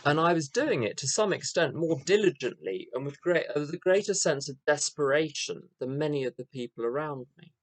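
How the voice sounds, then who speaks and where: A man's voice: on the high side, lively intonation, a little fast, hardly any pauses, dry recording. An older man giving a candid, self-mocking recovery talk, telling his story with rhythmic repeated phrases. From England. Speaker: AA speaker. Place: meeting room.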